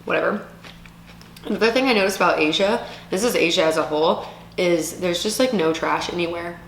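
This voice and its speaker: A woman's voice: fairly low pitch, a little fast, slight background noise. A young adult woman co-hosting a casual eating show, chatting between bites. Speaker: co-host. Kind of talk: casual chat. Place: indoors. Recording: echoey room.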